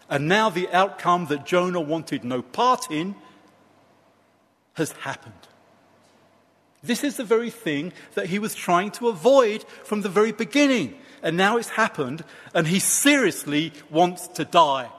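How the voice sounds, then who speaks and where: A man preaching a sermon, slow and emphatic with dramatic pauses. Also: high voice, animated, a bit bright, big-room sound.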